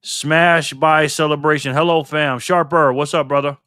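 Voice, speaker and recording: A man's voice: on the high side, fairly even intonation, moderate pace, bright, forceful tone, smooth, no room sound, clean studio sound. Upbeat man hosting a live stream. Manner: upbeat, greets viewers by name. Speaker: livestream host. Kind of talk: casual live stream chat reading comments.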